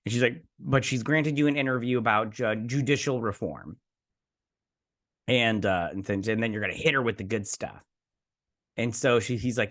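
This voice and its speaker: A man hosting a casual episode recap, chatty and animated, slipping into playful voices as he retells scenes. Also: medium pitch, a little fast. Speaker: host.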